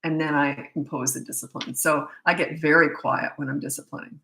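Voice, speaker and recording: A woman's voice: low voice, steady tone, brisk, gravelly, pushed and bright, reverberant, rough recording. A middle-aged woman, a parenting coach, answering viewer questions in a blunt, candid and chatty way.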